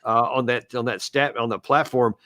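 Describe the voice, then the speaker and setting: A man's voice: medium pitch, fairly even intonation, moderate pace, bright, forceful tone, no room sound, clean studio sound. A man hosting an interview, asking probing questions in a conversational way and chuckling along. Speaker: podcast host.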